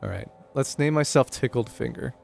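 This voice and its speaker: A man's voice: medium pitch, normal speed, creaky, a little mellow, faint music behind. A young man casually commenting on a horror game as he streams it live, joking and thinking aloud. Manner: chatty, jokey, thinking aloud.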